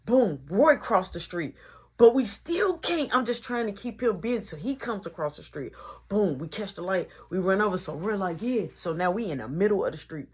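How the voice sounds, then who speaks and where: A woman telling a story in a casual storytime monologue, animated and full of sound effects. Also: moderate pace, slight background noise. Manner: animated, punctuates with sound effects like boom and boop.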